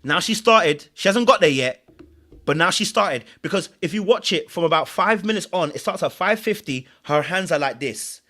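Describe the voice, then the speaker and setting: High bright-voiced man breaking down clips. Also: moderate pace. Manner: explanatory, animated, repeats phrases. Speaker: host and commentator. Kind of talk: reaction commentary on reality TV clips.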